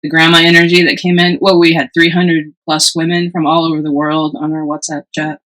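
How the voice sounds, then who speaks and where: Animated woman telling a personal story. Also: low voice, brisk, poor audio. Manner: animated, acts out quoted voices, laughs often. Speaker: podcast co-host. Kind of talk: casual storytelling chat.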